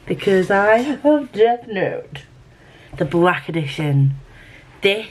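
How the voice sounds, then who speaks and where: Chatty Yorkshire woman vlogging. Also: on the low side. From Yorkshire, England. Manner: chatty, rambling, self-correcting with laughs. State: feeling unwell. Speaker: book vlogger. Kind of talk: casual vlog chat.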